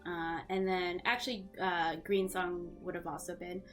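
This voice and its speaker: A woman's voice: lowish voice, little pitch movement, normal speed, fairly bright tone. Woman game master, casual rambling scene narration, faint music behind. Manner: casual, many fillers.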